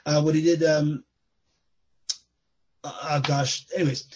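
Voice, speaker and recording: A man with a somewhat high, very husky, raspy voice chatting as a podcast guest. He rambles in an animated way, laughs easily and restarts his sentences often. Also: measured pace, poor audio. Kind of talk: casual chat.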